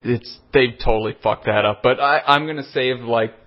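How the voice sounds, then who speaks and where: A man's voice: medium pitch, normal speed. Hesitant man in casual podcast chat. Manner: hesitant, many fillers and restarts, swears. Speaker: podcast co-host. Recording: dull lo-fi audio.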